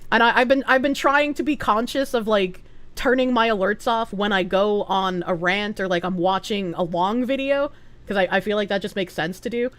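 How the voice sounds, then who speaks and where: A woman's voice: medium pitch, normal speed, fairly bright tone. A woman streaming live, chatting casually with her chat, reading messages aloud and thanking donors with squeals.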